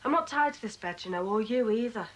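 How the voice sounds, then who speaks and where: Young woman, chatty but quick to get defensive; TV drama. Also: a little high, lively intonation. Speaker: young fiancée. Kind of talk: TV drama acting.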